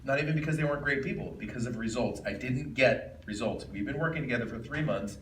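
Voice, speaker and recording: A man's voice: medium pitch, fast, a little hiss or hum. A man hosting a live event, introducing a speaker with emphatic, joking storytelling. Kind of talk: live talk to an audience. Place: event room with a live audience. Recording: echoey room, far from the mic, faint ambience.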